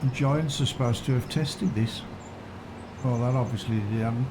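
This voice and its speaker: A man casually live-streams a farming game, musing aloud, sounding unsure and chatting with viewers. His mid-range voice holds a steady tone at normal speed, with constant background noise throughout.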